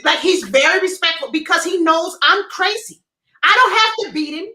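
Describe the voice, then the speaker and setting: A middle-aged woman co-hosting a casual chat, telling stories in an animated, emphatic way. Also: very high voice, normal speed. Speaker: co-host. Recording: echoey room.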